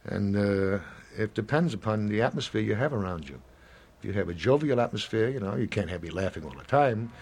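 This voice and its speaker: A man in his seventies speaking in an interview, rambling and halting, often acting out little snatches of dialogue. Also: fairly low pitch, animated, darkish tone, husky. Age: 70s. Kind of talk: reflective interview talk.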